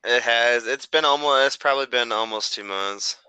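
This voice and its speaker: A man's voice: mid-range voice, moderate pace, pushed and bright, clear, resonant tone, no room sound, poor audio. A young man who is a podcast guest, chatting casually and chiming in with short laid-back reactions. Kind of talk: casual chat.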